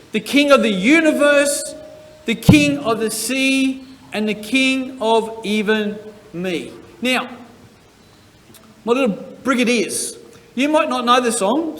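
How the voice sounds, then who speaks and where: A man's voice: very high-pitched, a bit bright. A man leading a children's church service, reading scripture and playfully teaching song actions. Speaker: church worship leader. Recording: church hall with long reverb.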